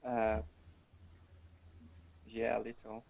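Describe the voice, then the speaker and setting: A man's voice: lowish voice, monotone, extremely slow, creaky, highs cut off. A man taking part as a student in a pronunciation lesson, hesitant and repeating words to get them right. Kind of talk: hesitant learner talk on a call.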